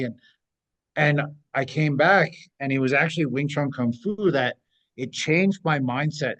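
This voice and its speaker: A man's voice: mid-range voice, fairly bright tone. Storytelling man with a dull recording. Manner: storytelling, often tags phrases with "right?". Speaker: host, self-defense coach. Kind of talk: casual podcast conversation.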